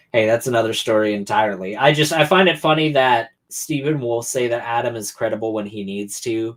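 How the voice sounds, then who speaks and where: A man's voice: lowish voice, a bit bright. A man co-hosting a casual reaction chat, sarcastic and argumentative, often laughing. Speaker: co-host reacting to a documentary.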